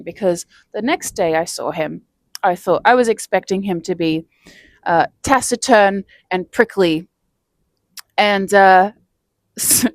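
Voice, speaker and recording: A woman's voice: fairly low pitch, no echo. Brief: chatty woman vlogger, dry close sound, easy laughs between lines. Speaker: self-help vlogger. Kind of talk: casual storytelling to camera.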